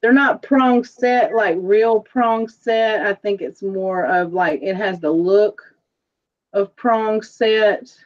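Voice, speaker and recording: A woman hosting a casual online jewelry sale, chatty and quick to laugh, describing items with lots of fillers. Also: mid-range voice. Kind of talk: casual livestream chat. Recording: dull lo-fi livestream audio.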